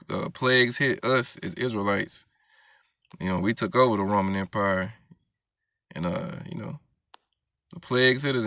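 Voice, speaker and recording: A man's voice: lowish voice, vocal fry, sharp tone, no echo. A man preaching, reading scripture verses aloud and explaining them, often checking in with "all right?". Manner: keeps asking "all right?" and "you know what I'm saying".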